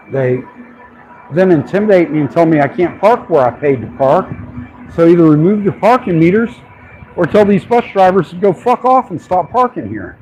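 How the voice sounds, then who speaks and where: A man's voice: sits high, animated, brisk, darkish tone, slight background noise, low-quality recording. A man ranting on a casual livestream from a city sidewalk, irritated and swearing freely as he films. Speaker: street filmer livestreaming.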